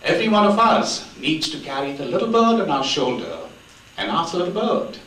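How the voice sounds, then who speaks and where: A man giving a spiritual talk in a lively, rising-and-falling voice. He tells stories conversationally with light humor. The sound is echoey and picked up from some distance, with faint noise behind him. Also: a little high, a little fast. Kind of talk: storytelling talk on spiritual life.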